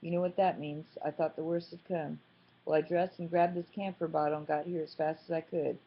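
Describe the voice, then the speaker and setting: A woman's voice: low voice, little pitch movement, a little fast. A woman voicing a superstitious older country woman who talks in a chatty, folksy way. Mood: worried. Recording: slightly muffled, dull audio.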